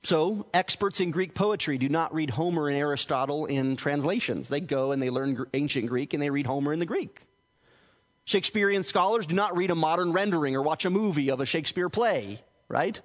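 A man's voice: fairly high pitch, a little fast. A man as pastor giving a teaching sermon, explaining earnestly and often restarting his words. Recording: hall reverb.

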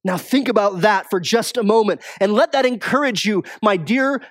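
A man preaching a sermon as pastor, moving between raised, urgent passages and quiet, low, drawn-out ones. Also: lively intonation, no room sound, studio quality.

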